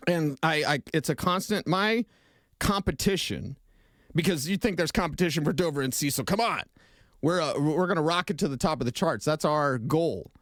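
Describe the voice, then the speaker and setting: A man co-hosting a sports radio show in a studio, talking fast, emotional and opinionated in casual banter. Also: a little high, fairly bright tone, dry recording. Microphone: studio microphone.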